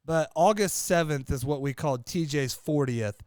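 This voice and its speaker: A man's voice: a little high, moderate pace, darkish tone, smooth, no room sound, clean studio sound. A man co-hosting a podcast in casual chat, matter-of-fact and keeping track of the details. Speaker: podcast co-host.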